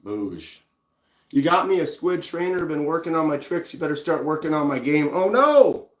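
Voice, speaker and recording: A man's voice: fairly high pitch, brisk, echoey room, slight background noise. A man with a Minnesotan accent, hosting a casual live stream and chatting easily while showing pocket knives. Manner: relaxed, chatty, reads out viewer comments.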